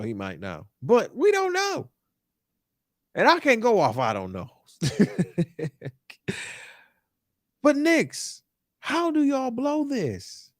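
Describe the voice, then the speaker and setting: Animated man ranting about sports. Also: very high voice, no echo, studio quality. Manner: emphatic, repetitive, exasperated. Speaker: podcast host. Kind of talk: animated sports talk rant. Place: New York.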